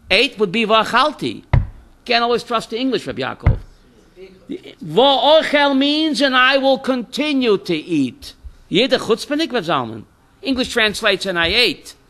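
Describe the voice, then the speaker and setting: A male rabbi lecturing a Torah class in a high, bright voice that swings widely in pitch. He keeps firing rhetorical questions at his students and calls on them by name. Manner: quizzes students by name, mixes in Hebrew terms.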